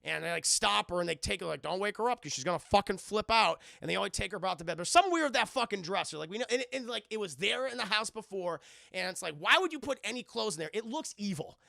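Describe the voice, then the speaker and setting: A man streaming live, recapping a film in a rambling, profane and animated way. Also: high-pitched, fast talker, creaky, no echo, clean studio sound.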